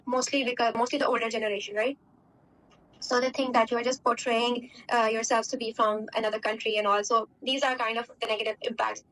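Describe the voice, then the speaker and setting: A woman's voice: fairly high pitch, level tone, fairly quick, a bit bright, poor audio. Young woman with a Pakistani accent. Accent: Pakistani English. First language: Urdu. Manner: chatty, frequent fillers and "right?" tags. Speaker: interviewee. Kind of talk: casual interview answers.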